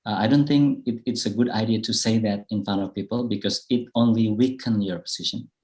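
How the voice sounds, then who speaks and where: A man from Bali with an Indonesian accent, answering audience questions in a relaxed, modest way during an online talk. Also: on the low side, fairly quick. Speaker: guest speaker. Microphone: video call.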